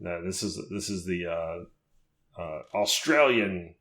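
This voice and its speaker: A man's voice: low-pitched, takes it slowly, a bit bright. A man co-hosting a horror podcast in casual chat, laughing often and reading release listings aloud. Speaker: podcast co-host.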